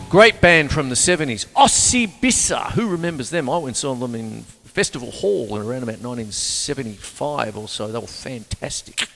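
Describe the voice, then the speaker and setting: Older drum teacher, loose and jokey, lively pitch, long room reverb, drums behind. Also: male voice, normal speed, faint music behind. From Australia. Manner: rambling, jokey, talks between drum demos. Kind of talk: casual drum lesson.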